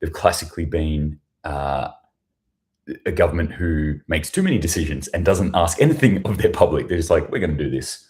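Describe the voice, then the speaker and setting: A man's voice: rumbling low, normal speed, a little mellow. A man with an Australian accent, hosting a casual livestream from a hotel room, rambling and sarcastic and swearing freely. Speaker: prepping news show host.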